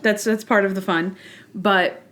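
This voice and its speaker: A young adult woman co-hosting a podcast in casual chat, animated and full of restarts, often acting out what people said. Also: mid-range voice, a little slow. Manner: animated, quotes people in voices, trailing restarts. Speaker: podcast co-host.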